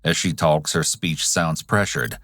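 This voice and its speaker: A man giving a measured, scripted narration that analyses behaviour. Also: very deep voice, a bit bright, dry recording, studio quality. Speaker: narrator analysing body language.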